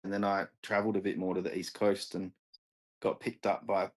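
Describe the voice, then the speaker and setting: A laid-back Australian man with an Australian accent, chatting casually on a live stream. His voice sits very low and has a husky grain. He tells stories easily and chuckles often. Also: little pitch movement, fairly quick, low-quality recording. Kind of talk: casual chat.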